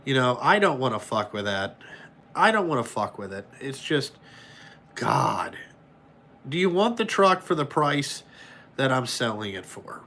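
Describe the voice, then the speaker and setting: A man's voice: mid-range voice, a little slow, a little hiss or hum. A man, a truck driver chatting casually and bluntly with his viewers, swearing often and reenacting his calls. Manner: profane, blunt and animated. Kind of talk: casual chat answering viewers.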